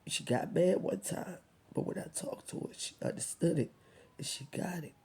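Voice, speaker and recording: A woman vlogger speaking softly and haltingly to her subscribers, holding back tears as she tells a personal story, often dropping near a whisper. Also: lowish voice, husky. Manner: soft, halting, often near a whisper, with many pauses and ums.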